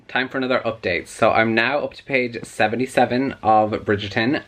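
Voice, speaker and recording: A young man chatting excitedly in a casual book vlog, with plenty of "like" fillers. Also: mid-range voice. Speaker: book vlogger. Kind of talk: casual chat.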